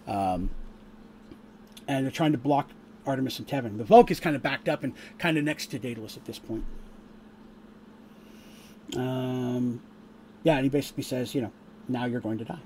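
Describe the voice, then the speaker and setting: A man narrating a tabletop game as game master, casual and full of fillers, pausing to explain rules. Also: medium pitch, a little mellow, slight background noise.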